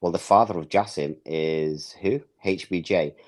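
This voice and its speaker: A man's voice: low voice, measured pace, a little mellow. A man hosting a casual football podcast, talking emphatically and swearing, acting out what others would say. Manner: emphatic, swears, acts out quoted speech. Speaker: podcast host.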